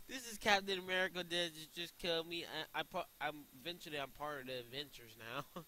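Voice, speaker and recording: A young man giving excitable live commentary over his own gameplay, often yelping and laughing. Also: on the high side, brisk, hardly any pauses, rough recording. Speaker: gaming YouTuber.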